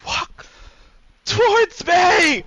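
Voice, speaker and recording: A man's voice: very high voice, animated, very slow, no echo, voice pushed up, full character voice. A man voicing a grief-stricken male character who screams through tears, his voice cracking as he cries out. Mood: screaming anguish. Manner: shouting desperately, voice cracking. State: crying.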